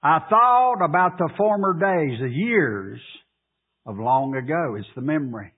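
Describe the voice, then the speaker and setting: A man preaching a sermon as pastor, reading scripture aloud and pressing his congregation with emphatic, drawn-out questions. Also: lively intonation, husky. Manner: preaching, rising to emphatic high pleas, drawn-out delivery. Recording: tinny phone-like radio broadcast.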